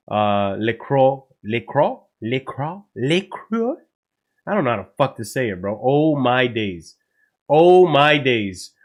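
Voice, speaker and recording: A man hosting a live football watchalong stream, excitable and swearing a lot, with loud outbursts at big moments. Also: medium pitch. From United States. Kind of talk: live match reaction stream.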